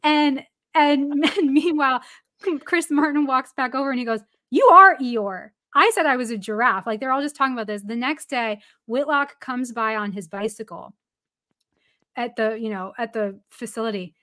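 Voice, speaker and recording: A woman's voice: on the high side, moderate pace, fairly bright tone. A woman who is a baseball reporter, guesting on a podcast and telling a story casually with plenty of "like" fillers and some laughter.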